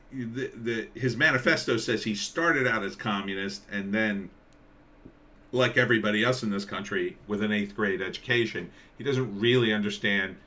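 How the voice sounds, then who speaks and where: A man hosting a live stream, rambling in casual commentary and reading viewer comments aloud, with halting restarts. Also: fairly low pitch, bright, forceful tone.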